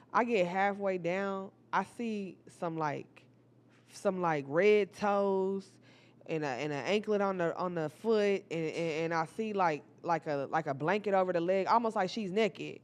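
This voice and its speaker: In a mid-range voice and at a slightly slow pace, a young woman recounts something personal to her viewers. Her delivery is loose, lively and full of swearing, and she keeps calling out to the people watching.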